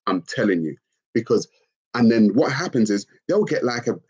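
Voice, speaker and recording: A man hosting a live stream, talking expressively and mockingly, often leaping into shrill put-on voices. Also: very animated, moderate pace, pauses often, darkish tone, husky. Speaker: livestream host. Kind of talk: animated live-stream rant.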